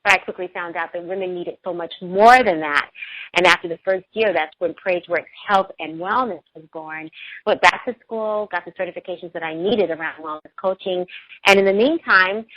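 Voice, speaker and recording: A middle-aged woman appearing as a radio show guest shares a personal story earnestly and emotionally. Her voice sits on the low side at a moderate pace, with no echo but the highs cut off.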